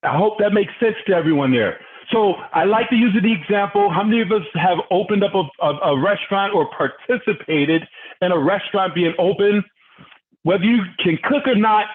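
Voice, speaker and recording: A man with a high-pitched voice leads a business training by conference call, getting more worked up as it goes on. His style is energetic and preachy, peppered with questions aimed at his audience, and the sound is thin and tinny like a telephone.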